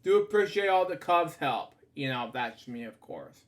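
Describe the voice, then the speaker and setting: A man's voice: a little high, lively intonation, moderate pace. A man casually reading a children's picture book aloud, often stumbling, stopping to comment and apologizing to his listeners. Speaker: storybook reader.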